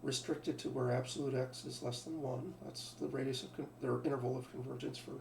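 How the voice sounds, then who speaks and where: This lecture features a man teaching math with a medium-pitched, fairly quick voice that has vocal fry and little pitch movement. He reasons out loud, starts phrases over, and asks rhetorical questions, recorded from afar in a roomy space with faint hum.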